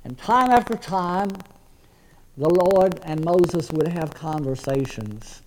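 A man's voice: a little high, takes it slowly, darkish tone, poor audio. A man preaching a sermon as pastor, earnest and conversational, often restarting his words.

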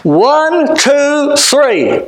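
High-voiced man preaching fervently in an echoey room. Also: big pitch swings, drawn-out words. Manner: fervent preaching, swings between shouted emphasis and quiet asides; repeats words and restarts phrases. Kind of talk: sermon.

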